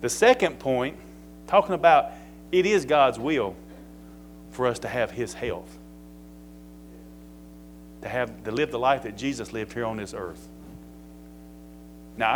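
A man's voice: medium pitch, lively intonation, moderate pace, pauses often, slight background noise, rough recording. A man preaching a sermon as pastor, in a folksy, conversational way that builds to emphatic peaks.

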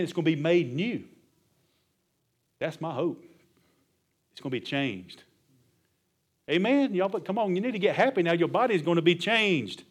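A middle-aged male pastor preaching a sermon, emphatic and colloquial, punctuating his points with amen and hallelujah. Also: medium pitch.

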